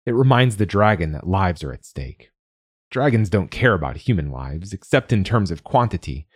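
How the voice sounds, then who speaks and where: A man's voice: low-pitched, darkish tone, no echo. A man narrating a fantasy story in the first person with a dry, wry manner. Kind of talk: scripted audiobook narration.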